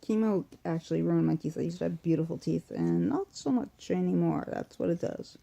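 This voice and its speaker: A woman's voice: on the low side, fairly quick, creaky, mellow. A woman with a Massachusetts accent, rambling casually through an unboxing video while sick and weak, full of fillers and restarts, recorded at home on a phone or webcam. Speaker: vlogger. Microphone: phone or webcam close in front.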